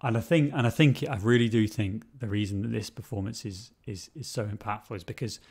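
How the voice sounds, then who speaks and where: A man's voice: fairly low pitch, brisk, darkish tone, breathy edge. A man co-hosting a podcast, talking casually about a film, repeating words and swearing freely. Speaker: podcast co-host.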